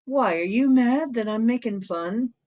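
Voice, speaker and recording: Middle-aged lady rambling on her livestream, slow and easygoing, lots of little chuckles. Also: fairly high pitch, animated, darkish tone, muffled recording. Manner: rambling, chuckles often, talks to her cat. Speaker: live-stream host. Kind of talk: casual chat reading live comments.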